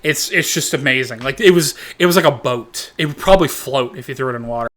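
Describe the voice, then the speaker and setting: A man's voice: mid-range voice, fast talker. Rambling, profane male reaction host. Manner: rambling, animated, swears a lot. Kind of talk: profane comedic commentary.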